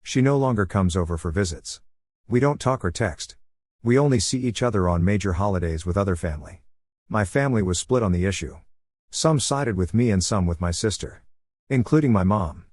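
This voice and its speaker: A man narrates a first-person story in a low, steady voice. His delivery is even and measured. The sound is dry and close, with no room around it. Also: no room sound. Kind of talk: reading a Reddit story aloud.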